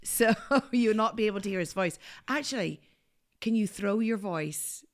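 A woman with a Northern Irish accent hosting a faith podcast in casual chat, lively and playful as she teaches. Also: mid-range voice, normal speed. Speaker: podcast host. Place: home office at a table. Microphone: studio microphone.

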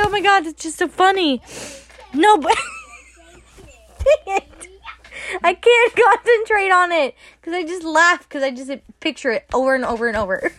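A woman's voice: very high-pitched, animated, normal speed, pauses often, a bit bright. A woman co-hosting a casual podcast, laughing helplessly through her story. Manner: laughs helplessly, giggly and breathless. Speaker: podcast co-host. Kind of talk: casual chat.

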